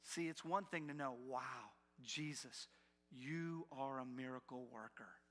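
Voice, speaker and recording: A man preaching a sermon as pastor, animated, acting out the doubting voices of the people he describes. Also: mid-range voice, measured pace. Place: church sanctuary. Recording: long hall reverb from a church.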